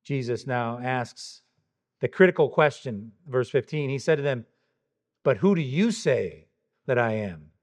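A man preaching a verse-by-verse sermon, pressing his listeners with repeated rhetorical questions. He leans hard on key words for emphasis and speaks in a voice of ordinary pitch for a man. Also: animated, unhurried. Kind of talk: expository sermon.

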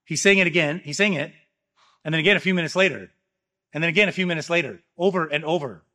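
A man with a bright, forward voice delivers a sermon as a pastor. He preaches emphatically, pushing lines up loud and letting others fall away quiet. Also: fairly high pitch, quick pace. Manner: emphatic preaching, swinging between loud rises and quiet drops.

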